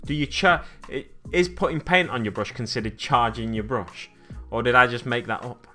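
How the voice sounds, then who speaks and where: Painting miniatures live for his viewers, this young Englishman from Oxfordshire rambles, laughs, and answers questions in a casual chat. His mid-range voice sounds pushed and bright at a moderate pace, over faint background music.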